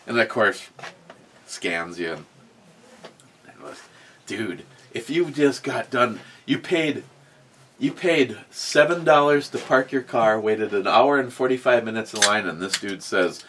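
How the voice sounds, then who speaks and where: A man's voice: mid-range voice, moderate pace, fairly bright tone. A man hosting a casual podcast, rambling through a story with many restarts and fillers, and reading out chat comments. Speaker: podcast host.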